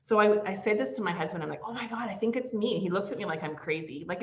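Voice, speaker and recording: Animated woman coach, lo-fi audio. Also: medium pitch, fast, few pauses, a little hiss or hum. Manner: animated, acts out quoted phrases, laughs often. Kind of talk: online masterclass teaching. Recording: slightly dull lo-fi audio.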